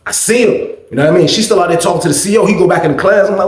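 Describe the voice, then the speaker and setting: Male storyteller, animated and profane, fairly high voice, roomy echo. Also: very fast. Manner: profane, animated, repeats "you know what I mean". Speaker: storytelling vlog host. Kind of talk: casual storytelling.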